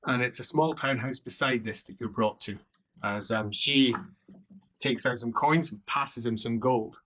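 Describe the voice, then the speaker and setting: A man narrating a tabletop role-playing game as game master, describing scenes in an unhurried way. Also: mid-range voice, a bit bright.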